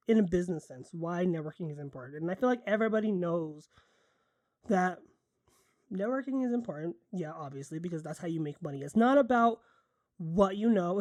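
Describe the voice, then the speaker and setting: Mellow-voiced woman rambling eagerly. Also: fairly low pitch, dry recording. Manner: rambling, enthusiastic, self-correcting; drinking coffee while talking. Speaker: photographer and content creator. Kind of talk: casual vlog chat.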